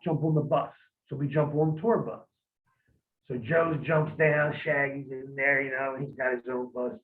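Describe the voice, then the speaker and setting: A man being interviewed as a guest, telling rambling, profane stories in a casual way. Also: mid-range voice. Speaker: interview guest, former pro wrestler. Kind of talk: casual storytelling. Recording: tinny phone-like line.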